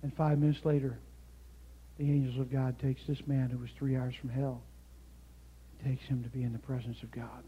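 An older man preaching a sermon, moving between quiet storytelling and loud, impassioned exhortation. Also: mid-range voice, flat delivery, moderate pace, pauses often, muffled recording, a little hiss or hum. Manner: swings from hushed storytelling to shouted, impassioned preaching.

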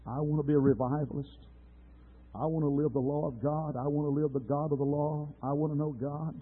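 A man's voice: a little high, steady tone, a little fast, breathy edge. A man preaching an earnest, emphatic sermon to his congregation. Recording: tinny phone-like sound with faint music.

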